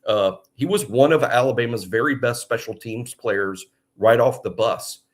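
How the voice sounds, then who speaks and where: A man co-hosting a sports podcast, giving measured, thoughtful analysis with frequent fillers. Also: medium pitch.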